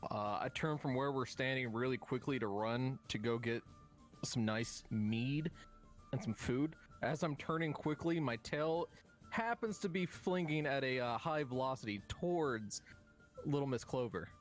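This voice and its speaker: A man's voice: medium pitch, expressive, unhurried, soft background music. A man playing a tabletop game, casually describing his character's actions. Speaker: player.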